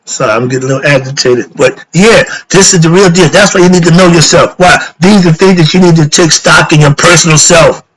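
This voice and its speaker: A man's voice: on the high side, steady tone, a little fast, few pauses, a bit bright, husky, rough recording. A middle-aged man giving a casual spiritual lecture, posing rhetorical questions and answering them, slipping into slang and getting worked up. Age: middle-aged or older. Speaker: philosophy talk host.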